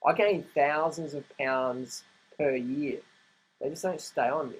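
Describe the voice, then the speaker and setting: A man rants to camera in an emphatic vlog style. His voice sits a little high, and he repeats his points and breaks into laughs often. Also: a little slow, slightly rough, poor audio. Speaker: vlogger. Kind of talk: animated vlog rant.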